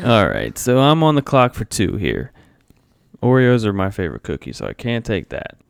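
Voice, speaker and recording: Lively, expressive man on a podcast. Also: mid-range voice, normal speed, vocal fry, clear, resonant tone, no echo, studio quality. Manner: playful, expressive, swears casually. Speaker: podcast co-host. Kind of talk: casual chat.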